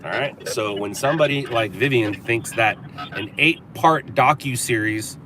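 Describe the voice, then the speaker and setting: A man's voice: mid-range voice, measured pace, background noise. A man from Southern California hosting a casual livestream, talking back to viewer comments in a sarcastic, riffing way. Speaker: livestream host. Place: in a car.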